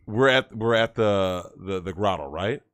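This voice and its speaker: A man telling a story in casual chat, animated, swearing and repeating himself. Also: fairly low pitch, a little slow. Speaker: guest.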